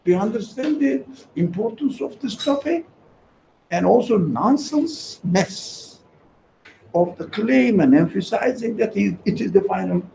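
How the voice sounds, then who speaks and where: A man's voice: sits high, creaky, a little mellow, a little hiss or hum. Emphatic man lecturing in an echoey room. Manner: emphatic, repeats key phrases, asks the audience questions. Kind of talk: lecture to a small group. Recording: echoey room with faint ambience.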